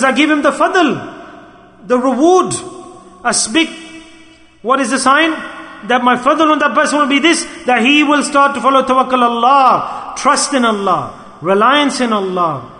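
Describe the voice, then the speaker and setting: A man preaching a sermon with passion, swinging between loud calls to the listeners and hushed asides. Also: extremely high pitch, lively intonation, moderate pace. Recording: echoey hall with long reverb.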